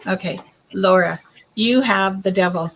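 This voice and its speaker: A woman's voice: medium pitch, a little slow, a bit bright, a little hiss or hum, rough recording. A woman giving chatty, reassuring card readings to viewers on a live online stream as host. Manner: chatty, reassuring, calls viewers hun and girl. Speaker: psychic card reader.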